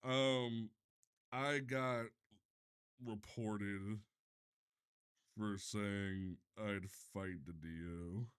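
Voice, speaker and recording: A man hosting a casual livestream, talking in an animated, profane way with frequent stumbling restarts. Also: lowish voice, extremely slow, long pauses, clean tone. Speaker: livestream host.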